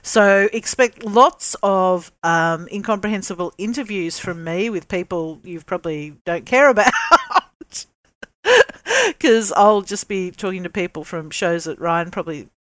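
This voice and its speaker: A woman's voice: lowish voice, measured pace, no room sound. A woman co-hosting a podcast, chatting casually with sarcastic, teasing banter. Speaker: podcast co-host.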